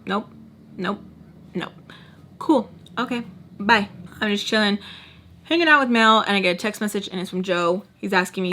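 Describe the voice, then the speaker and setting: Young woman storyteller, candid, filler-heavy chat, mid-pitched, blunt and animated. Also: moderate pace, long pauses. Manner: chatty and candid, heavy use of "like"; animated retelling, swearing freely. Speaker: storytime vlogger.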